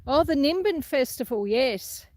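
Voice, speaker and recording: A woman's voice: sits high, animated, unhurried, darkish tone. A woman with an Australian accent hosts a live stream while walking through a paddock on her rural property. She chats in a rambling way, laughs often and answers comments from her viewers. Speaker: homestead vlogger hosting a live stream.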